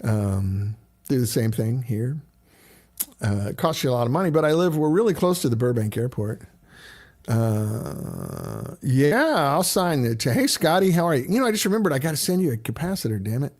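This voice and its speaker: A man's voice: mid-range voice, sing-song, moderate pace, a little mellow. A middle-aged man hosting a casual livestream, chatting loosely and greeting viewers by name as he answers their questions.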